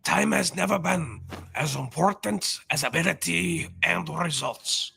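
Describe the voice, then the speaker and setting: A man's voice: fairly high pitch, unhurried, creaky, pushed and bright, breathy edge, heavily acted. A man playing a suave male smuggler boss in a fan film, using a stereotyped put-on Mexican accent. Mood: calm, businesslike. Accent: put-on Mexican Spanish.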